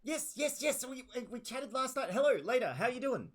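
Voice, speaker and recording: Tabletop player, animated delivery, fussing caretaker manner. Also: sits high, a little fast. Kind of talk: playing a character in a tabletop game.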